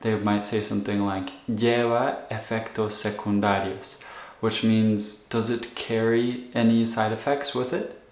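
A man teaching medical Spanish phrases in a relaxed, casual way, with many fillers and a laugh at his own tongue twister. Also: fairly low pitch, a little slow. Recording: echoey room.

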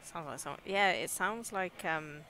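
A woman's voice: fairly low pitch, moderate pace, noisy background. A young woman with an English Midlands accent chatting casually and giggling as she streams a game. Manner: chatty, giggly, reacts aloud to scares. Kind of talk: casual live gameplay commentary.

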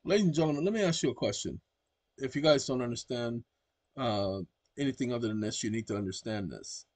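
A man's voice: mid-range voice, a little fast, a little mellow, dry recording. A man hosting his own channel, talking to his audience in an emphatic, preachy monologue. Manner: emphatic and preachy, keeps addressing the audience directly. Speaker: channel host. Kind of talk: casual explanatory monologue.

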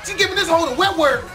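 A man hosting a reaction video, shouting profane exclamations and laughing as he comments. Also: very high-pitched.

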